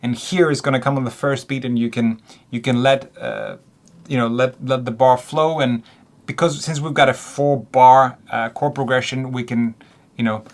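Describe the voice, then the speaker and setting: A man teaching songwriting in a relaxed way, counting beats aloud and singing short examples. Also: mid-range voice, moderate pace. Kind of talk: music lesson.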